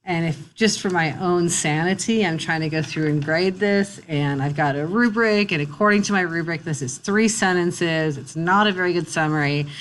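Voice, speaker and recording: Low-voiced teacher lady walking thru a screen tutorial, chatty and wry, faint hum behind. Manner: relaxed, chatty, wry asides.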